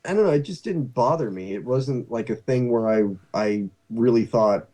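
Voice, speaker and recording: Rambling man with a mellow voice. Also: medium pitch. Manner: rambling, halting with many restarts. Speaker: podcast host. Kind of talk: casual chat.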